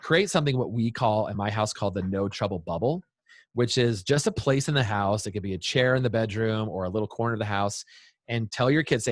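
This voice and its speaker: A man's voice: on the low side, a little fast, no room sound. A man in his thirties, a guest speaking to parents in an interview, talking with energy and acting out what kids say. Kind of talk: animated interview talk.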